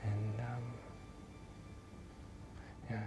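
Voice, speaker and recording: A young man from New Zealand, an injured soldier, talking plainly with halting fillers in a TV interview. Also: on the low side, completely flat delivery. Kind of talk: TV interview recollection. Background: music underscore.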